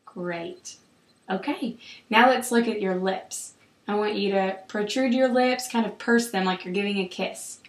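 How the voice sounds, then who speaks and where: A woman clinician calmly guiding a patient through an oral exam, with steady, encouraging instructions. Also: mid-range voice, measured pace. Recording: roomy echo.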